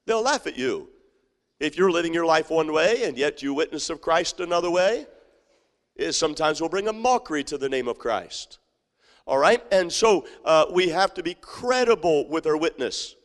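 A male pastor preaching a sermon, emphatic and repetitive, with frequent fillers and restarts. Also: on the high side. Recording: long hall reverb.

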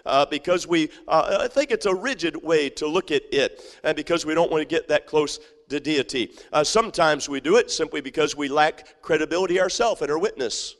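A man's voice: on the high side, brisk, few pauses. A man preaches in a church auditorium, his slightly raised voice ringing with a long hall reverb. He is emphatic and repetitive, circling back with many fillers and restarts. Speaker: pastor. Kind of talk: sermon.

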